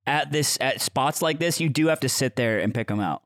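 A man's voice: medium pitch, a little fast, a bit bright, no echo, clean studio sound. A young man in a casual podcast chat, reacting and laughing along. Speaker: podcast co-host.

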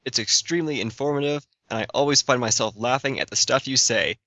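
A man co-hosting a podcast, with a bright, forceful voice. He laughs easily and likes to tell anecdotes. The audio is dry and somewhat dull. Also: mid-range voice, brisk, dry recording. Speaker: podcast co-host. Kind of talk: casual podcast chat.

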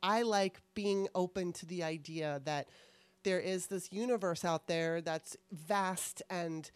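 A woman with a fairly low voice chats candidly as a podcast host, rambling through her thoughts and swearing now and then. Her voice sits close to the mic in a dry, dead-sounding space. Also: slow, smooth, dry recording. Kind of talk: casual conversation.

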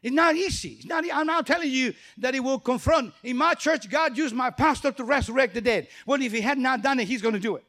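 This male pastor speaks very high and fast, barely pausing as he delivers his sermon. He spins lively stories, performs the dialogue himself, and uses the phrasing of someone whose first language isn't English.

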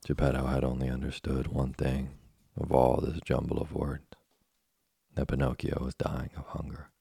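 A man narrating a classic tale as a bedtime story, in a steady, soothing manner. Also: very deep voice, normal speed, no echo. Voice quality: gravelly, husky. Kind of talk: slow bedtime story reading.

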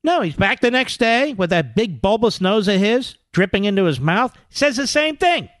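A man's voice: sits high, very animated, moderate pace, fairly bright tone, dry recording, clean studio sound. A man hosting a political talk radio show, sarcastic and emphatic, repeating words and mocking opponents in put-on voices.

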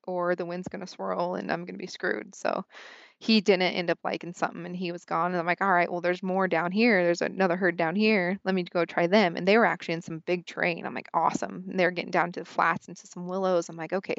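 Young woman, podcast guest, low-ish voice, animated storyteller, dry lo-fi sound. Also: gravelly, no room sound. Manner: animated, frequent "like", acts out her own thoughts. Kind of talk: casual storytelling.

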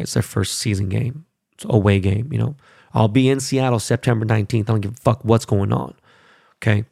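A gravelly middle-aged man talks into a close podcast mic in a very dry room. He rambles casually and swears a lot, and his voice climbs high and loud when he gets worked up. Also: dry recording. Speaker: podcast host. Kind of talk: casual chat.

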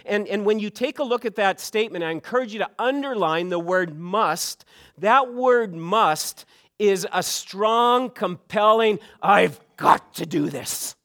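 High-voiced earnest male pastor. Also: a little slow, fairly bright tone. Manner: earnest, repeats words when starting sentences. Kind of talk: sermon.

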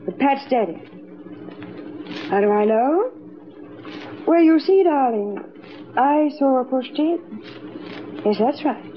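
A woman's voice: high voice, animated, slow pace, pauses often. An actress playing a scheming young woman in a 1940s radio drama, cooing and sweetly sly. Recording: dull old radio broadcast with faint hiss.

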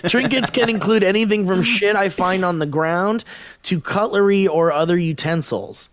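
A man co-hosting a casual comedy podcast, who laughs often and reads an online post aloud in an animated way. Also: moderate pace, crowd noise. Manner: animated, laughs often, pitch swings widely. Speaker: podcast co-host.

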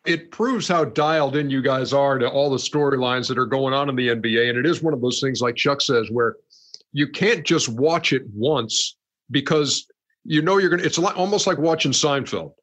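A man's voice: mid-range voice, moderate pace, fairly bright tone. A man hosting an interview, asking curious questions and laughing often. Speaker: host.

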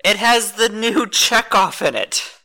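A podcast guest making lively, wry asides. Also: medium pitch, measured pace. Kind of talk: casual chat.

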